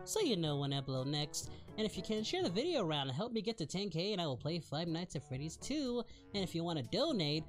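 A performer voicing Goku, an excitable young male martial-arts hero, cheering and shouting through in-character reaction commentary. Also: medium pitch. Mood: chatty. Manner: hyped, shouting, cheering at the screen. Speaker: reaction channel host. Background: music.

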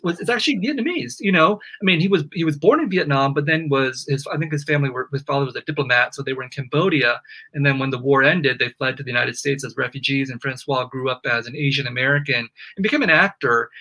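A middle-aged author chatting from home in a bright, forceful, fairly high voice. He is lively and self-deprecating as he answers interview questions. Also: husky, low-quality recording. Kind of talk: interview over video call.

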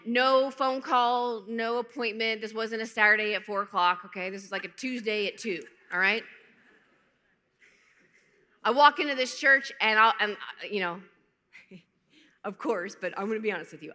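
Speaking at a conference, a woman from the US shares her testimony with a large crowd, using humor and performing the quoted lines. Her mid-range voice has a sharp tone, and the large hall adds long reverb.

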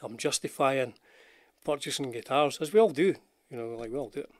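Animated and a little fast, this older Scottish man's mid-range voice carries a rambling live-stream chat about guitars for his guitar channel. He greets viewers in the chat and is self-deprecating, wearing headphones with a desk mic, and there's no echo.

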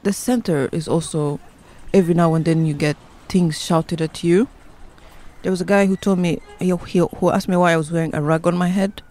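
A woman's voice: fairly low pitch, fairly even intonation, moderate pace, a little mellow. A woman recounting her experiences in a casual interview, talking loosely with many fillers. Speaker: interviewee, city resident.

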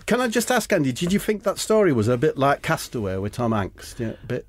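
A man hosting a comedy podcast, telling a rambling, boastful story in a deadpan way. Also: mid-range voice, fairly quick.

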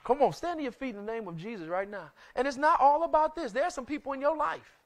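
This sermon comes from a male pastor with a very high-pitched voice who talks fast, pushing it forward through repeated rhetorical questions, call-and-response exchanges and sudden shouting.

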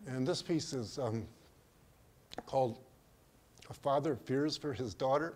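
An older man giving a slide lecture on his own work, speaking in a hesitant way with many pauses and restarts. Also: mid-range voice, darkish tone, a little hiss or hum. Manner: hesitant, full of ums and restarts. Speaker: artist giving a museum talk.

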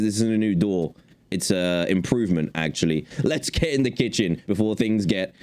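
A young man talks through a game in a lively, jokey way. His voice sits on the low side but swings up and down constantly. He keeps chattering at the characters on screen. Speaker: gaming video host. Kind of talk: let's play commentary.

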